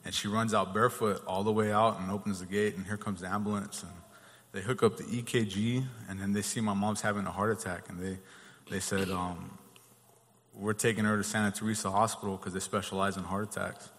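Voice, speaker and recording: A man telling a guest story in a plain, steady way, with many fillers. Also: lowish voice, brisk, in a large hall. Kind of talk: casual storytelling.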